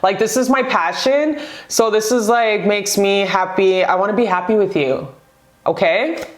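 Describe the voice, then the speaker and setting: A woman doing a casual pick-a-card tarot reading, excitable and gushing, rambling into asides and swearing freely. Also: medium pitch, normal speed, echoey room.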